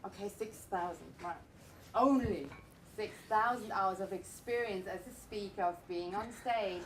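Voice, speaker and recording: A woman's voice: medium pitch, measured pace. A woman hosting a live event, introducing the next speaker in a chatty, loose way. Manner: chatty, loose, warm about her partner. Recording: roomy, distant, with faint room noise.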